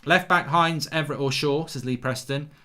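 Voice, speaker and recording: A man with a slightly high, bright, forceful voice speaks at a moderate pace. He hosts a live football watchalong, calling the action, cheering goals, and reading viewer comments aloud in casual chat.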